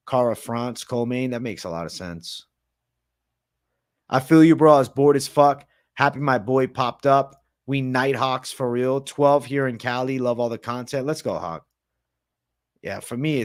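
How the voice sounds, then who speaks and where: Laid-back slangy man hosting a livestream. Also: mid-range voice. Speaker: MMA livestream host. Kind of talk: casual late-night livestream Q&A.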